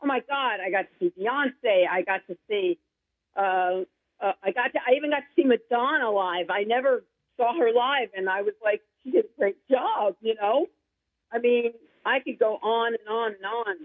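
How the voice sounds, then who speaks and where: A woman guest singer-songwriter chatting in an interview, gushing and rambling with excitement. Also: fairly high pitch, normal speed, no room sound. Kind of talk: casual interview chat. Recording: tinny phone line, dry.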